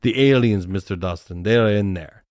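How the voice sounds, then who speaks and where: A man's voice: lowish voice, moderate pace, darkish tone, no echo, clean studio sound, natural voice. A man doing an impression of an odd, earnest four-year-old boy who loves superheroes. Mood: eerie. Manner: earnest childish voice.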